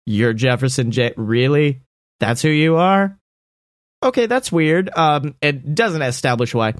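A man brainstorming a story casually, animated and profane, acting out lines as he goes. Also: mid-range voice, dry recording, clean studio sound.

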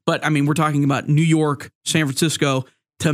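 A man's voice: fairly high pitch, level tone, brisk, no echo, studio quality. A man hosting a solo sports podcast, rambling and joking, with many fillers and restarts. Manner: joking, playful asides.

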